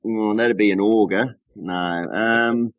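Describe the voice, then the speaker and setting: An Australian man, a lure maker, chatting casually on a call in a relaxed, joking way full of local slang. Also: fairly low pitch, takes it slowly, no room sound, muffled recording. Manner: laid-back, joking, uses local slang. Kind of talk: casual chat over a call.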